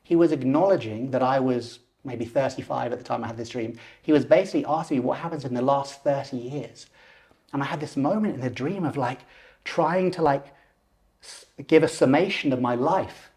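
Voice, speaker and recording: A man in his forties, a lucid dreaming teacher and podcast guest, telling a personal story in an animated way. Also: mid-range voice, brisk. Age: 40s. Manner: animated, acts out voices and gestures while telling.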